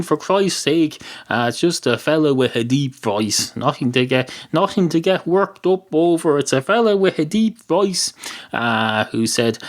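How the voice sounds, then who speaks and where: A man's voice: mid-range voice, big pitch swings, measured pace. An Irish man hosting a solo comedy podcast, rambling and sardonic, with many "uh" fillers and mock-outraged asides. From Ireland. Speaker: podcast host.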